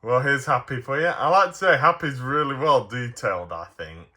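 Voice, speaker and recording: A man's voice: medium pitch, lively intonation, normal speed, bright, forceful tone. A man reviewing toy figures in a casual, playful way, giggling often.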